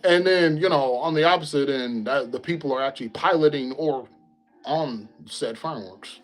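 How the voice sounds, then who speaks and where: A man hosting a casual chat, relaxed and rambling, often breaking into laughter. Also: mid-range voice, moderate pace, faint music behind, low-quality recording. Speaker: host.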